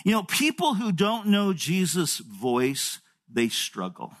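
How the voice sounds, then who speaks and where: Older male pastor, 60s, high voice, folksy sermon storyteller who repeats words. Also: very animated, slow pace.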